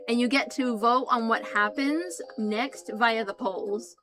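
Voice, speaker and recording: A woman streaming a tabletop-style adventure, chatting warmly with viewers, thanking them and reading out their messages as she narrates. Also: fairly high pitch, slow pace, music in the background.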